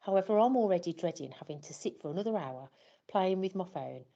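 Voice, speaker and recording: A woman's voice: lowish voice, lively intonation, a little fast, gravelly, warm tone, muffled recording. A woman telling a scripted first-person story as a flustered parent, wry and self-deprecating. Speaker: parent in a training scenario.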